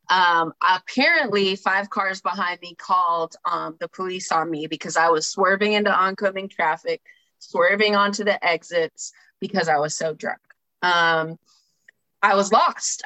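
This woman's mid-range voice sounds bright and forceful, captured on a low-quality recording. Telling her personal recovery story openly, she chats with her audience, checks in with them often, and reads passages from a book, peppering her talk with fillers and "right?"

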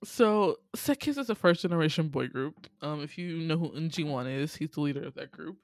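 A woman's voice: deep voice, animated, brisk, dry recording, clean studio sound. Woman in casual, profane chat. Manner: loose, profane storytelling with frequent slang.

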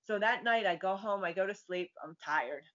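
This is a casual interview chat with a female psychic medium, a talkative storyteller who acts out quoted voices. She speaks at a moderate pace in a mid-range voice with a fairly bright tone, captured on dull, lo-fi audio.

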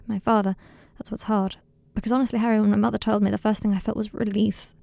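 Remorseful young man, tearful and halting, gravelly and mellow, read by a woman. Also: mid-range voice, flat delivery, no echo, lightly acted. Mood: distressed. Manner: tearful, apologetic.

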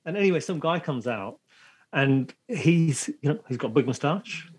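Man, from England, husky slightly high voice, casual storytelling, acts out voices. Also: normal speed. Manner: animated anecdote with acted-out voices.

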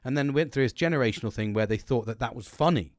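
A middle-aged British man talking freely in a casual chat, swearing constantly and wandering between points. His voice sits at an ordinary pitch, recorded close and dry with no room sound. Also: fast, dry recording. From Britain. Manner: rambling, heavy swearing, blunt. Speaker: podcast co-host.

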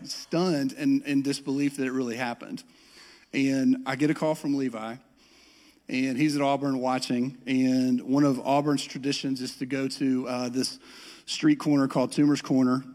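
During a sermon, a middle-aged Southern man from Metro Atlanta shares a self-deprecating story about himself. He speaks with a Southern accent in a medium-pitched, slightly mellow voice, echoing with the long reverb of a big hall.

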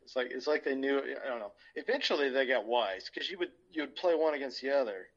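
A man chatting casually as a podcast co-host, laid-back and quick to laugh. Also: medium pitch, lo-fi sound. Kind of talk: casual chat.

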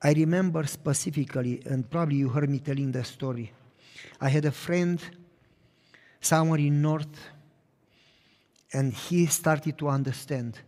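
Earnest male preacher, higher voice, emphatic then hushed; recorded with long hall reverb. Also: fairly even intonation, normal speed, pauses often. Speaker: pastor. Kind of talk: sermon.

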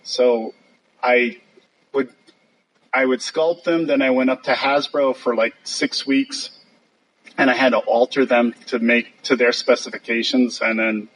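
An older man with a husky, slightly breathy voice tells behind-the-scenes workshop stories over a slide show. He talks loosely and warmly, slipping into quick impressions of colleagues and chuckling between points. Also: medium pitch, poor audio. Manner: lively storyteller who mimics others and laughs often. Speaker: guest puppet sculptor. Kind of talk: anecdotal talk over slides.

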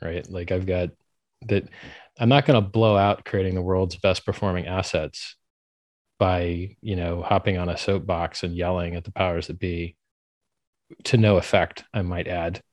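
Man, very low voice, dry close sound, blunt and opinionated, interview guest. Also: steady tone, moderate pace, a little mellow, no echo. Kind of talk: casual interview talk.

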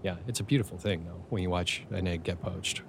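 A deadpan podcast guest chatting casually on a comedy podcast. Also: low voice, fairly quick, vocal fry, slightly rough.

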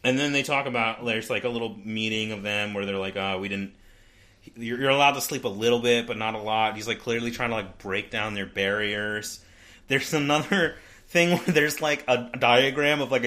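Man, mid pitch, relaxed talker, retells scenes with little laughs, casual podcast chat. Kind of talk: casual book discussion.

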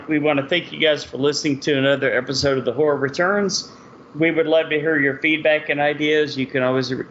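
A man's voice: on the high side, a bit bright. A man with a Texas accent hosting a horror podcast in casual chat, joking and laughing often. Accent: Texan. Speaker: podcast host. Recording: slightly dull podcast audio with faint noise.

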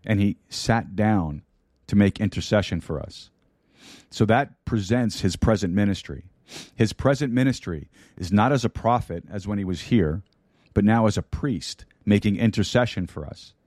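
A man's voice: on the low side, normal speed, darkish tone, no room sound. A man preaching a sermon into a studio microphone, repeating key lines and dropping in light humor. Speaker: pastor. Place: broadcast studio.

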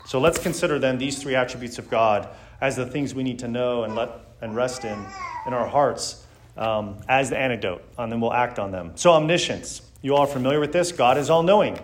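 A man's voice: medium pitch, a little fast, hardly any pauses, a little hiss or hum. A man giving a church Sunday school lesson, speaking earnestly and reading scripture aloud with emphasis.

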